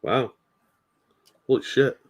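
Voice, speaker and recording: A man on as a guest co-host of a streamed chat, laid-back and joking. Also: slow pace. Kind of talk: casual chat.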